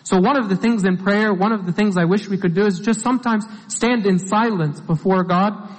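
A man with a high voice preaches an informal sermon, earnest and steady as he puts question after question to his listeners. His voice rings out with a long hall reverb behind every phrase. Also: normal speed.

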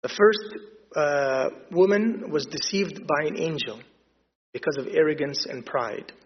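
A man preaching a sermon, retelling scripture and acting out the dialogue in an animated storytelling way. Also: on the high side, a little slow, breathy edge. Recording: dull lo-fi sound with long hall reverb.

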